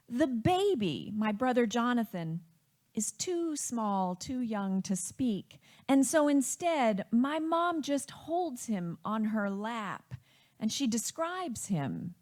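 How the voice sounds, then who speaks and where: A woman from Wisconsin telling a personal family story in a reflective, unhurried way. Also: a little high, big pitch swings, a little mellow.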